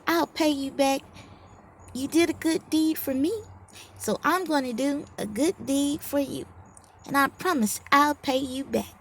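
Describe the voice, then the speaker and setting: A woman's voice: high voice, unhurried, a bit bright, slight background noise, pitched above the performer's own voice. A woman voicing a tiny, frightened male mouse in a storybook fable, pleading and making earnest promises.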